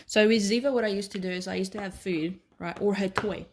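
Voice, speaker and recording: Australian woman, dog trainer, mid-pitched, chatty whiteboard explainer. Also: steady tone, fast, noisy background. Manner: chatty, checks in with "right?" and "okay".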